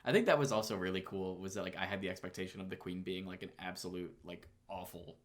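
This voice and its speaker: A man co-hosting a podcast chats casually and with enthusiasm, rambling as he goes. He talks fast, in a low voice with a steady tone.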